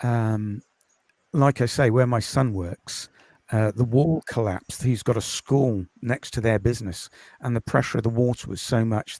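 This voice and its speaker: A man from the UK, a podcast host and course creator, chatting in a quiet, calming voice with many ums in a casual interview over a video call. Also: lowish voice, no room sound. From United Kingdom.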